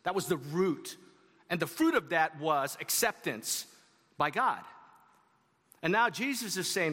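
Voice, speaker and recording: A man's voice: fairly high pitch, sing-song, a little slow, pauses often, a bit bright, breathy edge, in a large hall. A man preaching a sermon to his congregation in a conversational way, with asides to the audience. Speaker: pastor. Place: church sanctuary.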